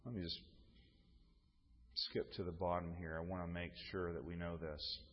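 A man preaches a sermon from a church pulpit in a husky voice, often restarting his phrases and calling out to the congregation for a response. The sound is dull and muffled, with a long reverb trailing off through the sanctuary. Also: low-pitched, level tone, moderate pace. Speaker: pastor.

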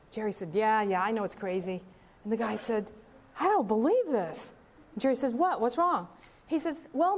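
An older woman with a high voice tells a story as part of a sermon, animatedly acting out the dialogue.

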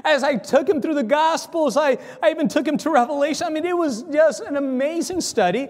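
A man telling a story in a sermon, animated, acting out dialogue, with frequent stammering restarts. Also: extremely high pitch, a little fast, in a large hall. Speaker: preacher. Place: church.

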